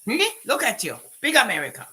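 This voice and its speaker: A woman's voice: fairly high pitch, sing-song, a little fast, pushed and bright, slightly rough, rough recording. A woman with a Jamaican accent doing a live-stream commentary, scolding people and talking back to her chat with patois phrases mixed in.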